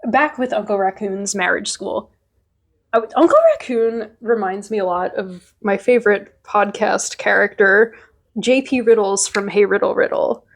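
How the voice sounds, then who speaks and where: A woman co-hosting a casual podcast chat, laughing often and retelling scenes in quick bursts. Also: medium pitch, vocal fry. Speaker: podcast co-host.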